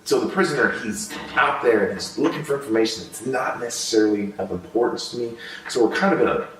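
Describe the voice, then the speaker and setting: A man, a former military interrogator, telling stories in a measured conversational way and slowing down when he reflects. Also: mid-range voice. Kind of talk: conversational storytelling. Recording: echoey room, voice far from mic.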